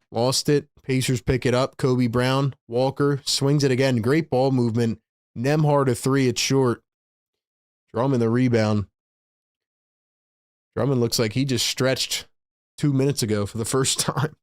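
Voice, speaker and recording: A man's voice: mid-range voice, darkish tone, no room sound, studio quality. A man hosting a fan show, calling the game play by play and chatting with viewers between plays. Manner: fast, chatty, laughs often, reads viewer messages. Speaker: host and play-by-play caller. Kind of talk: live fan play-by-play and chat.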